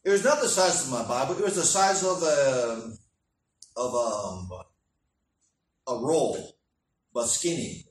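A man's voice: medium pitch, animated, slow pace, pauses often, far from the mic. A man preaching, telling a folksy story full of quoted back-and-forth. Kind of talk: sermon storytelling. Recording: echoey room, from the mic.

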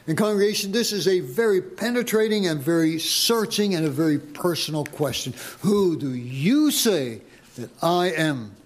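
A man preaching a sermon to his congregation, slow and deliberate, pressing his listeners with emphatic questions. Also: sits high. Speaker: pastor.

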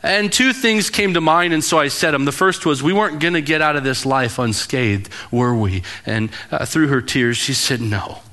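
A man in his thirties preaching a sermon as pastor, telling personal stories earnestly and dropping to a hushed tone for emphasis. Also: on the high side, normal speed, hardly any pauses.

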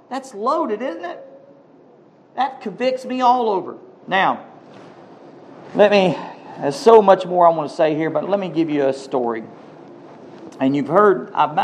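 Emphatic preaching man, slightly high voice. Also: a little hiss or hum. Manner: emphatic, swings from hushed storytelling to rising exhortation. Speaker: pastor. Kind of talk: sermon.

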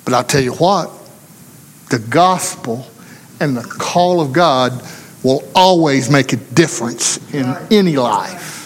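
A man's voice: mid-range voice, expressive, takes it slowly, in a large hall. A man preaching a sermon, telling a folksy story and acting out the voices of the people in it. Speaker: pastor.

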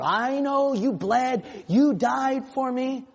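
High-voiced preacher in a reverberant church. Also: male voice, slow, hardly any pauses. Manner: impassioned preaching, voicing imagined listeners. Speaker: pastor. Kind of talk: sermon.

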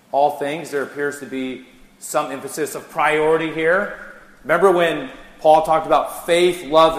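A man preaching a sermon, his delivery swinging between hushed intensity and loud, lively storytelling. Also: a little high. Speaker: pastor. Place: church sanctuary. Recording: echoey church hall.

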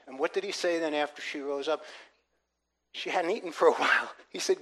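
A male pastor delivers a sermon in a high, bright voice. He talks earnestly, circles back on his phrases and pushes key words hard. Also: lively intonation, normal speed. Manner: earnest preaching with repetitions and rising emphasis.

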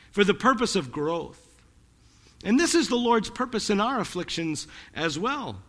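A man's voice: sits high, bright, forceful tone, in a large hall. A man pastor preaching a sermon to his congregation in a church, earnest and dramatic. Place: church sanctuary.

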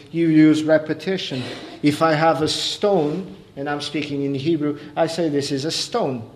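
A man preaching a sermon, explaining calmly and then building to raised, emphatic delivery. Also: fairly high pitch.

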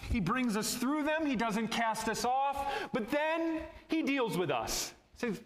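A male preacher delivers a sermon in an earnest, exhorting way and addresses the congregation as beloved. His voice is high and his pace is slow and deliberate. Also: expressive.

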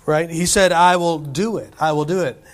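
A male pastor preaching in a church, his voice sitting a little higher than most men's. He keeps it conversational, firing rhetorical questions and asides at the congregation and stumbling through restarts and filler words as he goes. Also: normal speed. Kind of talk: sermon.

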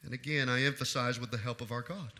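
A married man preaching an evening sermon, pressing his points by repeating them and swinging from hushed to loud. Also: medium pitch, steady tone, fast. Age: adult. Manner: emphatic preaching with repeated phrases. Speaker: pastor.

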